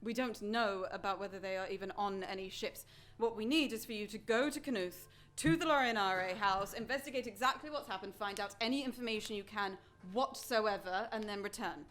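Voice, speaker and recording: A woman running a live tabletop game as game master, briskly steering the players. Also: mid-range voice, fairly bright tone. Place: live theatre stage.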